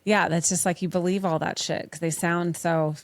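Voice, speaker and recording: A woman's voice: lowish voice, fairly even intonation, normal speed, no room sound. A woman hosting a podcast, chatting casually, swearing freely and laughing often. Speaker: podcast host. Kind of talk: casual interview chat.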